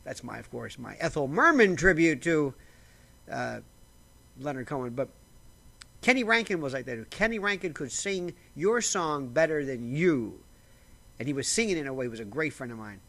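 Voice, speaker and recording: Bright, lively man rambling to camera. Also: mid-range voice, moderate pace, gravelly. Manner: rambling and animated, frequent restarts; slurps coffee while talking. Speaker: vlogger. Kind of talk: casual monologue to camera. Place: simple home setup.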